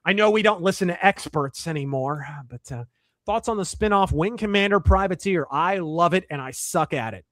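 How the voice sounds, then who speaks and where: A man's voice: sits high, normal speed, fairly bright tone, no room sound, clean studio sound. A man hosting a livestream, reading chat and articles aloud and answering in a blunt, profane, wry way. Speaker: streamer host.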